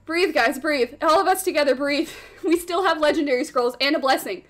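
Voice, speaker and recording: A young woman streaming a game, squealing with excitement and repeating phrases over and over. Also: high-pitched, a little fast. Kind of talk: excited live-stream commentary. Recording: slightly off-sounding stream audio.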